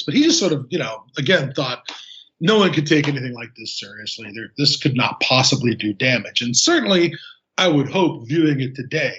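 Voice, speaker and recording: A man talking as a podcast guest, retelling a film with animated sarcasm. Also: mid-range voice, a little fast. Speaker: podcast guest, game designer. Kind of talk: casual film discussion. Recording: dull lo-fi audio.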